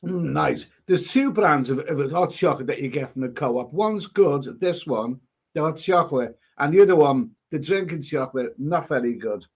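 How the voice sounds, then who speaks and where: A man's voice: on the high side, expressive, normal speed, slightly rough, dull audio. A man with a Scouse accent hosting a live stream, chatting casually and rambling through viewer comments with many restarts. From England.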